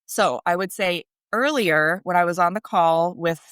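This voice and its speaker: A woman's voice: fairly low pitch, normal speed, a bit bright, smooth, no echo. A woman in her thirties, a parenting coach, explaining earnestly in a conversational podcast interview, rising animatedly on key points.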